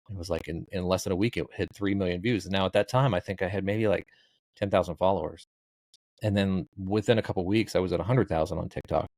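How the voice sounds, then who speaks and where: Middle-aged man, low voice, dry recording, casual interview chat, dry jokes. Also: darkish tone, no echo. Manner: rambling, laid-back storytelling with dry jokes. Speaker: guest, social media comedian.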